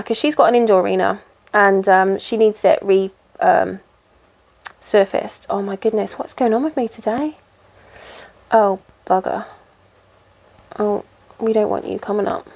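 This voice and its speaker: A woman's voice: mid-range voice, measured pace, gravelly, long pauses. A woman in casual chat while she stitches, rambling and poking fun at herself. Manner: rambling, chatty and self-deprecating. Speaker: cross-stitch vlogger.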